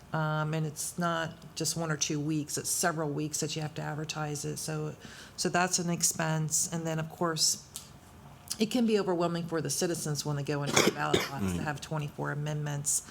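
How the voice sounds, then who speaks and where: A woman's voice: low voice, gravelly, a little hiss or hum. A woman on council staff explaining amendment costs matter-of-factly at a work session. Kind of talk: meeting discussion.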